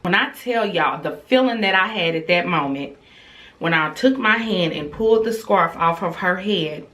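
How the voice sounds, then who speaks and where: A woman's voice: lowish voice, moderate pace. Chatty woman telling a story to her viewers. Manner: chatty and animated, addresses viewers as y'all; acts out quoted dialogue, dropping to a whisper for her child. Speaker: vlogger telling a family story. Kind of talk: casual storytime chat.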